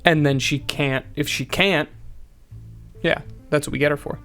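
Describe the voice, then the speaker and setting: A man's voice: fairly high pitch, fairly even intonation, moderate pace, a bit bright, soft background music. A man playing a tabletop game, blunt and casually swearing as he works through the plan. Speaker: player. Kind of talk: tabletop role-play, casual chat.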